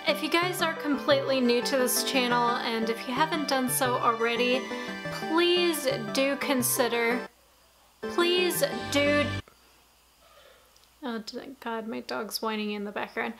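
A young adult woman vlogging casually, rambling and often correcting herself as she talks. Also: fairly high pitch. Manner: rambling, self-correcting, chatty. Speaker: YouTube vlogger. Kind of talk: casual vlog bloopers.

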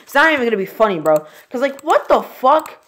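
A man's voice: very high voice, sing-song, a little fast, bright, forceful tone. A young man reacting live to a football game, swearing and exasperated, ending nearly every phrase with "bro". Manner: profane, exasperated, says "bro" constantly. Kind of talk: live sports reaction commentary.

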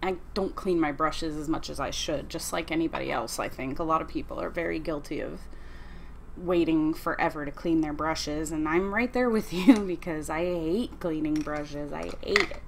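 A woman's voice: sits low, moderate pace, creaky, a little hiss or hum. A woman in her thirties chatting casually while doing her makeup, rambling with fillers, with a slight lisp. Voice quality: slight lisp from a sore tongue. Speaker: beauty vlogger. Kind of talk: casual get-ready-with-me chat.

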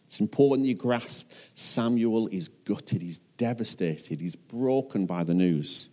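A man with an English accent preaching a sermon, telling the scripture story in lively voices. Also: on the low side, measured pace. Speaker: pastor.

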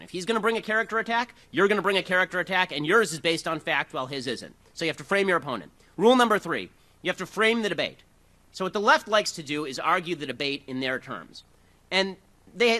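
A man's voice: a little high, sharp tone. A man giving a combative, mocking speech to a live audience. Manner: combative and rapid-fire, mocking. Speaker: political speaker.

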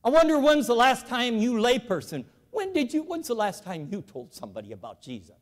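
Brisk and sing-song, a high, lifted male voice fills a large auditorium at an evangelical convention. The speaker, a former bank president, shares folksy stories and calls out emphatically to his audience, his words followed by long reverb.

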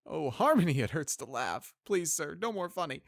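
A plucky young pegasus mare cadet, put on by a man reading a story aloud, her voice pushed well up high and jumping about. She is sarcastic and cheeky even while hurting. The recording is dry and close. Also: moderate pace, vocal fry, no room sound, exaggerated voice. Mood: wry. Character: young female pegasus cadet, brash and wry.

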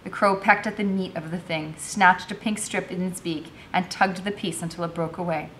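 A woman's voice: lowish voice, steady tone, normal speed, a bit bright, a little hiss or hum. A woman teacher reading a novel aloud, narrating expressively.

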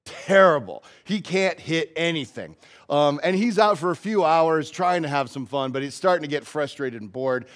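A man's voice: on the high side, animated, normal speed. A male pastor giving a casual, story-driven sermon in a church.

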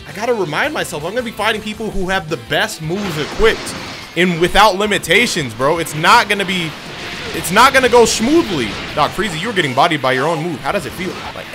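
A young man giving joking, slangy commentary on his gameplay. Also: high-pitched. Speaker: gaming YouTuber. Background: game music.

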